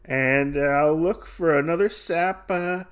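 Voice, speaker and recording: A sly, sniveling gambler, as a man puts him on, pitched a little above his own voice. The delivery is halting and theatrical, swinging between wet, fake sorrow and smug cackling. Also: clean tone, natural voice. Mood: gloating. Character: scheming male gambler, fake-weeping then gloating.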